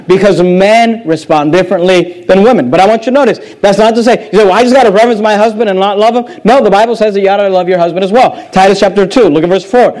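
Male pastor, high voice, emphatic sermon delivery with repeated phrases. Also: rough recording. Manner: emphatic preacher with sharp pitch drops and repetitions.

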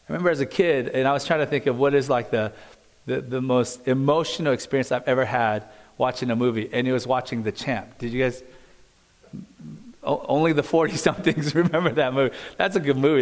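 A man in his forties preaching a sermon in a church, conversational and animated, full of asides and rhetorical questions. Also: on the high side. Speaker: pastor. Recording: long hall reverb.

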